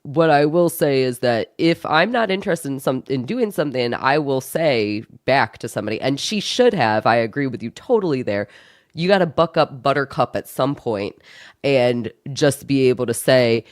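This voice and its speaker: A woman's voice: rumbling low, lively intonation, no room sound, clean studio sound. A woman guest on a film podcast, talking frankly and firmly in casual chat. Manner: frank, opinionated, quick asides.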